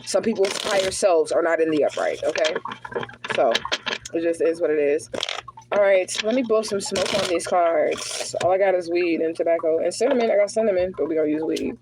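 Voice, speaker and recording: A woman's voice: on the low side, fairly quick, background noise. A woman giving a livestreamed tarot reading, talking casually and directly to her viewers, sometimes shifting into prayer-like invocations. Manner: casual, chatty, talks straight to viewers as y'all. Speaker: spiritual card reader.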